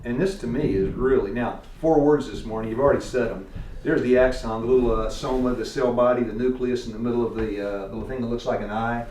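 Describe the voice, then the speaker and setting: A man's voice: mid-range voice, steady tone, fast talker, darkish tone, a little hiss or hum. A man with a Tennessee accent teaching a church class, quizzing his students in a folksy way and chuckling often. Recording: echoey room, distant mic.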